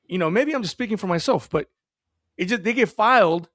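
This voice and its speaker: A man speaks earnestly as a podcast guest, slipping into animated storytelling. His voice sits a touch high. The sound is dry and close to the mic. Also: a little fast, dry recording. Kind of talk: casual podcast conversation.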